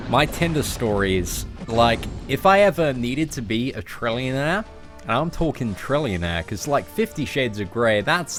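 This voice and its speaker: A man's voice: medium pitch, fairly bright tone. A young man chatting casually on a live game stream, joking and answering his viewers. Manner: chatty, joking, reads out chat messages.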